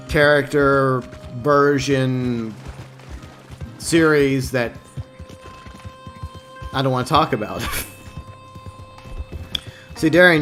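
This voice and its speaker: A man's voice: mid-range voice, fairly bright tone. Casting note: male gamer streaming live, chatty and joking, light game music behind. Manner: chatty, reads viewer comments, mock-whiny jokes. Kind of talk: casual live-stream chat.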